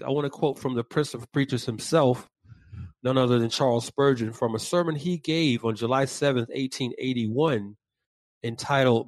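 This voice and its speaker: A man co-hosting a Christian podcast, speaking in a measured, deliberate way and reading quotations slowly. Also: mid-range voice, no room sound. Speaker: podcast co-host.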